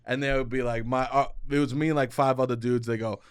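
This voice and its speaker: A young man with a New York accent, co-hosting a casual podcast and telling stories loudly, breaking into shouts. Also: mid-range voice, fast talker, clean tone, no room sound, studio quality. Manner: loud, animated storytelling with shouted bursts. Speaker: podcast co-host. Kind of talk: casual chat.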